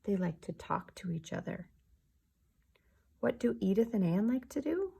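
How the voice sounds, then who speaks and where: A woman teacher leading an early reading lesson for young children, speaking slowly and clearly and drawing out her words. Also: mid-range voice, very animated, dark tone. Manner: slow, clear teacher talk with drawn-out words.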